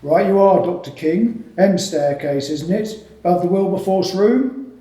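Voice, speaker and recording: A man voicing a hearty former guardsman working as a college head porter, booming and loud, in an echoey room. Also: normal speed, lightly acted. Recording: echoey room, mic from afar.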